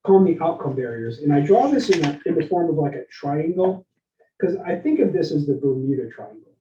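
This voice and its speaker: A man giving a leadership workshop, energetic and interactive, often asking his listeners questions and tagging lines with "right?". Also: a little high, a little fast, a little hiss or hum. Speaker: leadership speaker. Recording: roomy, dull lo-fi sound.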